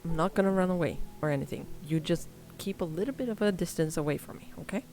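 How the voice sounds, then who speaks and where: A woman's voice: on the low side, darkish tone, soft background music, lightly acted. A wary street girl, as a woman puts her on. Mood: firm. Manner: hesitant, halting.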